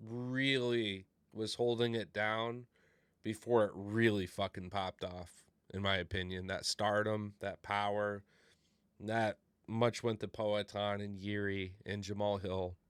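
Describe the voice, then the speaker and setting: A man's voice: lowish voice, little pitch movement, slow pace, a bit bright, clear, resonant tone, no room sound. A man co-hosting a fight podcast, giving opinionated predictions with swearing and sweeping asides. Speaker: podcast co-host. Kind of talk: casual sports banter.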